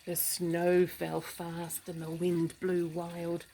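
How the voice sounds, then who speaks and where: A woman reading a picture book aloud to children, animated, with gasps, hushed asides and questions to the listener. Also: on the low side, slow, a little hiss or hum, poor audio. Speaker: storybook reader.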